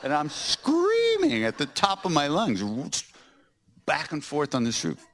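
A man with a fairly high voice hosts a podcast, unhurriedly recounting personal stories and animatedly acting out the scenes with laughter.

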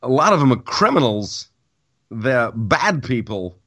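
A man doing a clipped, deadpan impression of a politician crossed with a famous actor. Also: mid-range voice, unhurried, pitched above the performer's own voice, full character voice.

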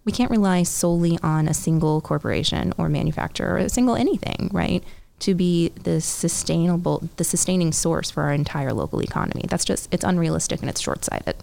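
An earnest woman in her thirties, a congressional candidate answering interview questions. Her voice sits a little low with a gravelly edge, and she lines up her points one by one, checking in with "right?". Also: fairly quick, darkish tone. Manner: earnest, talks in lists, often adds "right?". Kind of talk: political interview.

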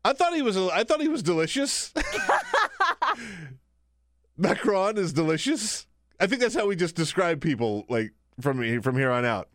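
A man's voice: high voice, wildly swooping pitch, moderate pace, dry recording. A man filling in as the host of a radio talk show, chatting casually and laughing often.

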